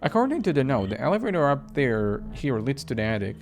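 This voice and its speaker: A man reading a visual novel aloud for a let's play, in a low, hesitant voice. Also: big pitch swings, brisk, faint music behind.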